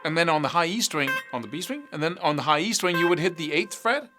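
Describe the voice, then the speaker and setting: A man teaching guitar technique, explaining with vivid analogies and rhetorical questions in an animated way. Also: on the high side, quick pace. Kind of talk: instructional talk to camera.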